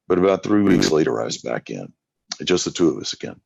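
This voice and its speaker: Talking fast with big pitch swings, this male evangelist has an extremely low, husky voice with vocal fry and a slightly mellow tone, no echo. He's a podcast interview guest telling folksy stories and acting out what people said, in dull lo-fi audio.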